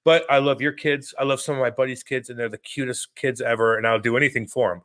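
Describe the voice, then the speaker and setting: A man in his thirties co-hosting a podcast, telling stories in a profane, animated, casual way. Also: medium pitch, fast talker. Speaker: podcast co-host. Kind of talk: casual chat.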